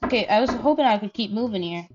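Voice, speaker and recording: A woman's voice: mid-range voice, animated, fast. A woman giving let's-play commentary, thinking aloud, counting under her breath and swearing freely. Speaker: gaming channel host. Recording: slightly dull audio with loud game music.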